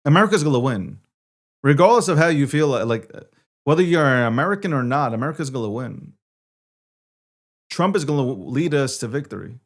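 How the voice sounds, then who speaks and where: A man's voice: mid-range voice, expressive, brisk, long pauses. Male host from New York, punchy and repetitive, rides the volume up and down. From New York City. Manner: emphatic, repetitive, swings loud and soft. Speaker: show host. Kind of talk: opinionated political commentary.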